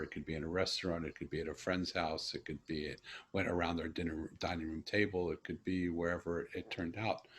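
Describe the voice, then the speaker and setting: Husky, deep-voiced man telling a story. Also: a bit bright. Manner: earnest, reflective, with pauses and restarts. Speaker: host. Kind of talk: conversational storytelling.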